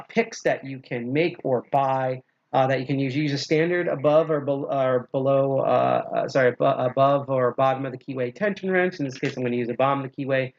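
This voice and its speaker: A man's voice: medium pitch, muffled recording. A man hosting a casual lockpicking livestream demonstration, rambling and joking as he explains with frequent filler sounds. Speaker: lockpicking host and instructor.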